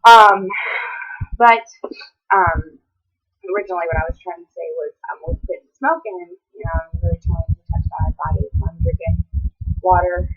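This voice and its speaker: A woman's voice: lowish voice, normal speed, slightly rough. A young woman chatting casually to camera, rambling with many ums and restarts, at times close to tears. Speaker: vlogger. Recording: tinny phone-like sound.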